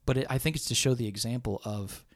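A man's voice: medium pitch, fast. A man on church staff telling a personal story in an earnest, rambling way during a casual discussion.

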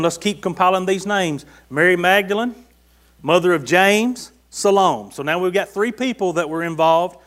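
A man preaching in a high, light voice. He talks to his congregation in a folksy, conversational way, reading a passage and then pressing it home with rhetorical questions. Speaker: pastor. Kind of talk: sermon.

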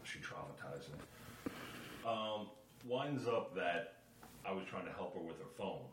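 A middle-aged man on a podcast, telling a family story in a lively, animated way and acting out the quotes. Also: low voice, a little slow. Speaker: podcast co-host. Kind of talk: casual chat, storytelling. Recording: echoey room with faint ambient noise.

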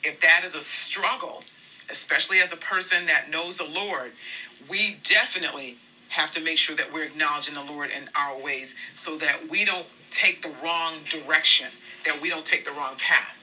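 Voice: mid-range voice, steady tone, normal speed, sharp tone. A speaker giving a devotional talk to a campus fellowship, telling personal testimony stories in an earnest, conversational way. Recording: voice a bit far from the mic.

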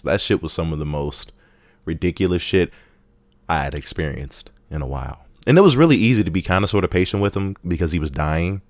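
Low-voiced guy telling an ambulance story, dead dry sound, swears a lot. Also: brisk, dry recording. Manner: profane, animated storyteller. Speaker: podcast co-host; ambulance medic. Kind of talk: casual storytelling.

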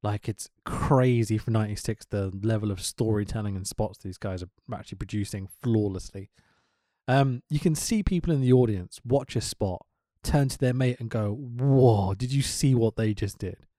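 A man co-hosting a casual podcast chat, animated and quick to laugh, swearing freely as he talks. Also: lowish voice, no echo, clean studio sound. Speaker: podcast co-host.

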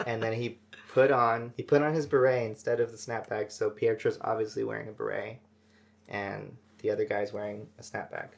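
A woman's voice: extremely low pitch, brisk, gravelly. Laughing woman telling a story. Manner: animated, laughing, slipping into silly accents. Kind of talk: casual chat. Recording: music playing behind.

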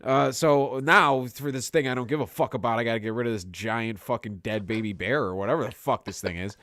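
A young man telling a story in casual chat, animated and swearing freely, acting out the voices of people in it. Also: mid-range voice, a little fast, no room sound, studio quality. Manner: animated, swearing often, acts out quoted voices. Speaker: podcast co-host telling a story.

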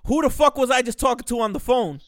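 A young man telling a story on a podcast, animated and profane, acting out the quotes loudly. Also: very high-pitched, quick pace, dry recording, clean studio sound. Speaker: podcast host. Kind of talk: casual storytelling.

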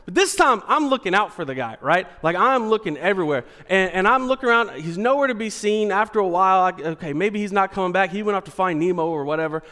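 A man with a high voice tells a comic story from his own life to a live audience. He talks in an animated way, drops to near a hush, then builds back up loud. His voice rings with the long reverb of a large hall. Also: quick pace, few pauses. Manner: animated, swinging from hushed to loud and laughing.

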